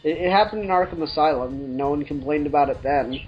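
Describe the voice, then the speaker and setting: A man's voice: on the high side, fast, faint music behind. A man hosting a casual podcast chat, rambling, joking and laughing often. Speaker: podcast host. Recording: slightly dull lo-fi podcast audio.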